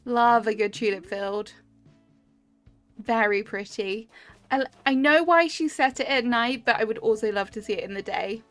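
Her voice sits on the high side, fairly bright, at a moderate pace, as she streams a tour of game islands. Cheerful and casual, she greets her chat by name throughout. A webcam with a desk mic records her dry and close, game music running behind.

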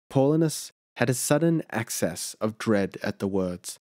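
A male audiobook narrator reading a folk horror tale in a measured way. His voice sits on the low side, and the recording is dry, with no room sound. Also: expressive, darkish tone, no room sound. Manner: measured storytelling. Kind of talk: scripted narration.

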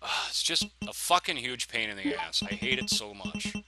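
A let's play gamer with a mid-range, sing-song voice commentates on his own gameplay at a moderate pace, swearing and ranting at the enemies in frustration. Game music is clearly audible behind him, and the recording quality is low.

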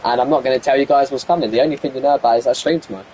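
A young man live-streaming a football video game, bantering with teammates over voice chat and shouting at the plays. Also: mid-range voice, fairly even intonation, racing, slight background noise.

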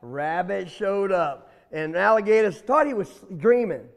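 A man's voice: high voice, unhurried, creaky. Folksy storyteller man. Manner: animated, folksy, addresses listeners. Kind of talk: oral folk storytelling. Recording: long hall reverb.

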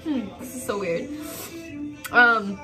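A woman's voice: a little high, expressive, slow. Rambling young woman vlogger with music. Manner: rambling, filler-heavy, emotional. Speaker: beauty vlogger. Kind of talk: storytime while doing makeup. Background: background music.

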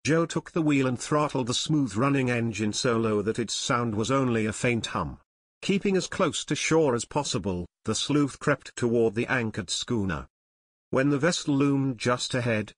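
Man, audiobook narrator, steady measured reading, close mic, dry. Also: medium pitch, no echo. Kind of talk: scripted narration.

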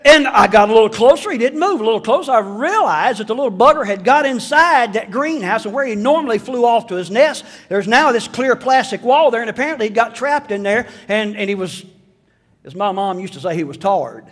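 A man's voice: very high voice, lively intonation, fairly quick, fairly bright tone. A middle-aged man preaching a sermon, telling folksy stories with jokes. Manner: folksy storytelling with jokes and voiced asides. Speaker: pastor. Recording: long hall reverb.

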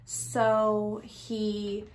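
A woman host spins a true crime story as casual comedy, stopping often for crude, sarcastic asides. She talks at an unhurried, drawn-out pace, with a voice sitting in an ordinary middle range. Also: mid-range voice, completely flat delivery.

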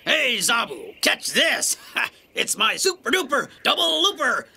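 A woman's voice: high voice, very animated, a little slow, vocal fry, bright, forceful tone, breathy edge, exaggerated voice. A woman voicing a playful young male lemur friend in a cartoon. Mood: cheerful. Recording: noisy old cartoon audio.

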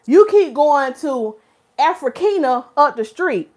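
A woman, a hair stylist hosting a casual live stream and talking to her chat in an animated, preachy way. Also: high-pitched, slow pace. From North Carolina, USA.

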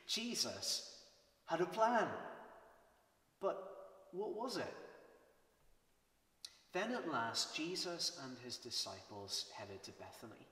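A man with a Northern Irish accent reading a children's Bible storybook aloud, slow and expressive with dramatic pauses. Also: a little high. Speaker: church reader. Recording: roomy, reverberant, from a distance.

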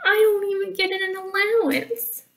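High crying storybook bear cub, a woman puts it on. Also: level tone, a little slow, fairly bright tone, recorded from a distance, exaggerated voice. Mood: whiny. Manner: whimpering, crying. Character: small whiny baby bear cub.

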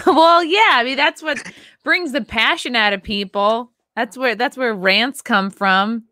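A woman's voice: on the high side, a little slow, pushed and bright, dry recording, clean studio sound. A woman hosting a podcast, asking chatty follow-up questions and laughing often. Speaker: podcast host. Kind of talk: casual podcast interview.

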